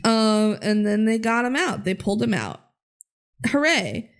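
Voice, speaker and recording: A chatty young woman with a slightly high voice recaps a film for her podcast co-host. She giggles often and slips into bouncy voices whenever she quotes the characters. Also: big pitch swings, measured pace, creaky, smooth. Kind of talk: casual movie recap chat.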